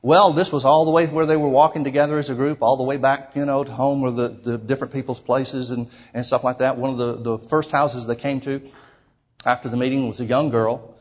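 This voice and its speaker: A man's voice: medium pitch, fairly even intonation, a little fast. A man preaching, retelling a story in a sermon with many quoted lines and frequent restarts.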